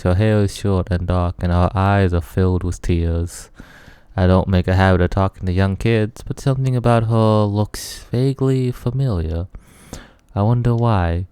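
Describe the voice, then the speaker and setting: A man's voice: sits low, moderate pace, dark tone, clean tone, no echo. A man reading a visual novel's narration aloud and breaking off with wry asides as a let's play host. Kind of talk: reading game text aloud with commentary.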